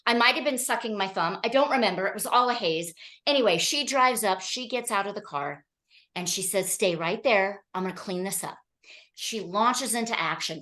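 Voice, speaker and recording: A woman giving a training talk to an audience, telling stories in an animated way and often checking in with "okay?" and "right?". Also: medium pitch. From Colorado.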